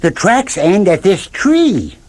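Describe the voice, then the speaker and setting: An excitable male farm dog, as a man puts him on, shouting and pushy, pitched well above the man's own voice. The tone is husky, in a storybook reading. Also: takes it slowly, exaggerated voice. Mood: excited. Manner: loud, pushy.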